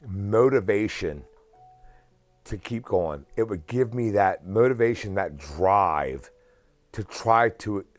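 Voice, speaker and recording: Guy with a lowish voice rambling through an earnest rant, dry close sound, little music underneath. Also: no echo. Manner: earnest, rambling, repeats and restarts phrases. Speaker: vlogger. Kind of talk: casual advice rant.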